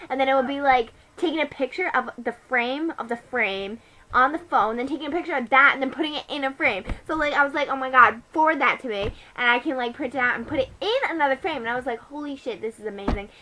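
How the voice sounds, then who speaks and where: A woman's voice: high-pitched, fast, pushed and bright, low-quality recording. A teenage girl playing a snarky, ditzy teenage girl who rambles profanely while gossiping about a date. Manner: rambling, profane, bratty, giggly asides. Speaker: comedy vlogger. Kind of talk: improvised comedy monologue.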